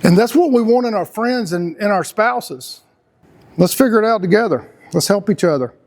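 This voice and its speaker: A man's voice: high voice, expressive, moderate pace, a little mellow. A middle-aged man, talking casually and earnestly as a podcast host, rambling and emphatic with frequent restarts. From Texas. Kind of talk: casual conversational talk.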